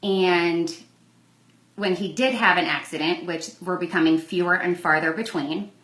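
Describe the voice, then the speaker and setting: A woman's voice: fairly low pitch, measured pace, fairly bright tone, reverberant, poor audio. A young woman telling a personal story in a candid, conversational vlog, acting out the lines in quoted exchanges. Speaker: vlogger.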